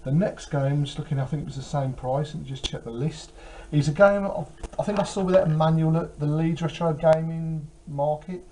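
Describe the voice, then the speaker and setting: A man's voice: on the high side, fairly quick, dark tone, a little hiss or hum, low-quality recording. A tired man chatting casually about his game collection, rambling with many fillers. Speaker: retro game collector vlogger. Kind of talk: casual chat.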